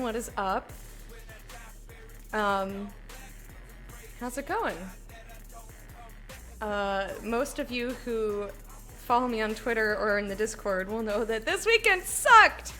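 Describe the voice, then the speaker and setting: A woman streamer chatting casually with her viewers, bubbly in her greetings and candid and low-key when she talks about herself. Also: pushed and bright.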